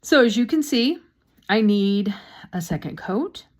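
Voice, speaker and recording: A woman's voice: medium pitch, lively intonation, unhurried. A woman painting instructor talks casually through a step-by-step demonstration, with chatty, self-deprecating asides and a slightly sore throat.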